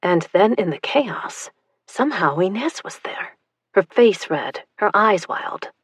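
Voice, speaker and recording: A woman narrating an audiobook in a tense, hushed storytelling manner. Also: mid-range voice, lively intonation, slow pace, breathy edge, dry recording, studio quality.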